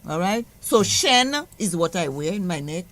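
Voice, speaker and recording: A woman's voice: lowish voice, sing-song, a bit bright, no echo. Brief: woman, radio studio guest, methodical teacher, spells out sounds and repeats examples. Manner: slow, patient, repeats example words. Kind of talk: explaining pronunciation on radio.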